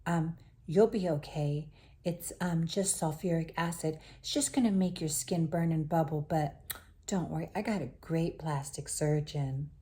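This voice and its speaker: A woman voicing a vengeful, disfigured wife who taunts her victim in a calm, mock-soothing way, retelling a TV scene. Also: sits low, measured pace. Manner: mock-soothing, coolly menacing.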